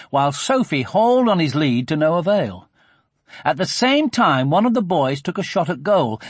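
A man narrating a children's storybook in an expressive, animated reading. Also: on the high side, breathy edge, dry recording.

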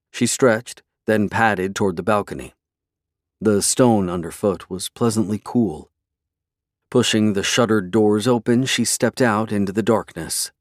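A man narrating a fantasy novel in a measured, even storytelling way. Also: on the low side, no echo, studio quality. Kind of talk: scripted fantasy audiobook narration.

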